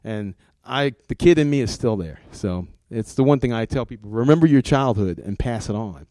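A man's voice: mid-range voice, animated, normal speed, warm tone, no room sound. A middle-aged man, a comics art director, talking casually in an interview, rambling and repeating words, laughing often.

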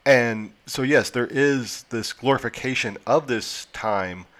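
A man's voice: mid-range voice, slow, fairly bright tone. A man in his forties co-hosting a casual discussion, thinking aloud and restarting his sentences. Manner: thoughtful, rambling with restarts. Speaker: podcast co-host.

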